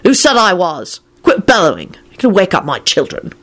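A woman reading aloud and voicing a moody adult man who complains sarcastically and recites poetry softly. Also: lowish voice, big pitch swings, fairly quick. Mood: grumbling. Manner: sarcastic grumbling, then soft tender recitation. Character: wry, moody adult male werewolf.

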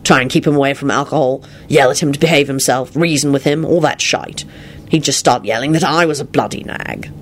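A woman reading the lines of a weary, protective middle-aged male wizard, speaking low and often half-whispered. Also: fairly quick, slight background noise. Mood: angry.

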